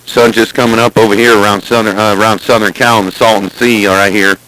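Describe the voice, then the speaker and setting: A man's voice: fairly low pitch, level tone, fast talker, bright, forceful tone, no room sound, poor audio. A man in casual chat over a CB radio, with folksy talk and repeated greetings. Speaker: CB radio operator. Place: Southern California, near the Salton Sea. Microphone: CB radio transmission.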